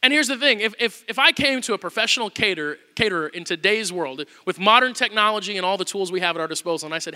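A male pastor preaching a sermon, telling the story with animated storytelling and acting out the quotes. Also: high-pitched, fast, long reverb tail.

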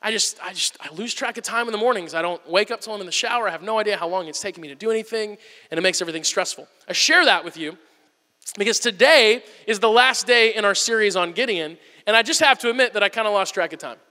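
The sermon comes from a man in his thirties whose piercing, bright, high voice carries real force. He moves at a brisk pace through vividly acted-out stories, at one point mimicking a whisper-yell, while the hall's long reverb lingers.

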